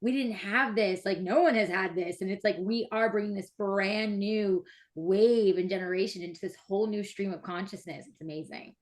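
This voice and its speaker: A woman's voice: medium pitch, normal speed, few pauses. A woman in her thirties in casual heartfelt conversation, enthusiastic and gushing, with many fillers. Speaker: mother and breathwork practitioner.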